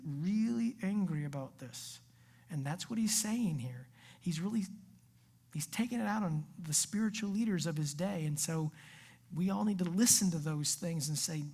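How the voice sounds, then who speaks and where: A woman preaching a sermon in a casual, animated way, full of asides and acted-out quotes. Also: fairly low pitch, moderate pace, husky. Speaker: youth pastor.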